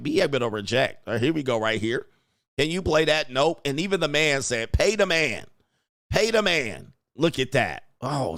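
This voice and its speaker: A man casually commenting on video clips in a mocking, animated way. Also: gravelly, no room sound, studio quality. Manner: mocking, animated, puts on high voices for quotes.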